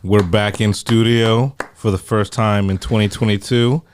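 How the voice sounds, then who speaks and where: A man with a fairly low voice co-hosts a movie podcast in a studio, drunk and telling stories with a lot of swearing. His voice sounds close and dry, with no room around it. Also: measured pace, clear, resonant tone, dry recording. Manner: animated storytelling, swears a lot. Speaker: podcast co-host. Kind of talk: casual profane chat. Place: recording studio.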